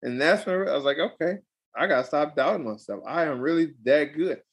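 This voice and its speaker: A young adult man, a pro fighter, telling a story in a casual interview, animated and emphatic, repeating phrases for effect. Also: fairly high pitch, brisk, slightly rough.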